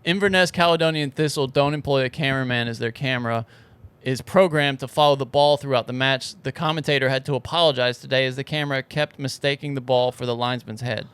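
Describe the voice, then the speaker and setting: A man's voice: mid-range voice, fast, a bit bright, smooth. A man co-hosting a podcast, easygoing and laughing often, reading news headlines aloud in casual chat.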